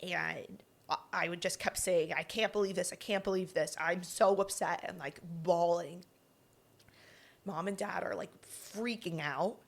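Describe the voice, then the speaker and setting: A woman's voice: on the low side, a little slow, gravelly. A young woman co-hosting a podcast, telling a personal story casually and acting out the voices she quotes. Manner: animated, acts out quoted lines. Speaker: podcast co-host.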